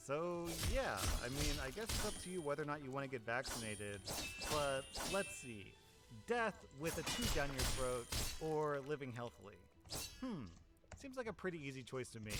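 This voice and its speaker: A young man reading online stories aloud, adding sarcastic, animated asides between them. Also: a little high, moderate pace, over loud music. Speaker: Reddit story narrator. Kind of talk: reading online posts with commentary.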